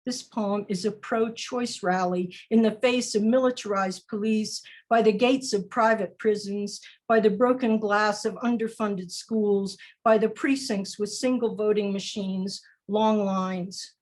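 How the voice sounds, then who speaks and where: A woman poet reading her poems aloud over a video call in a slow, deliberate recitation with measured pauses. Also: mid-range voice, fairly even intonation, darkish tone. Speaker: featured poet. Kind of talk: poetry reading.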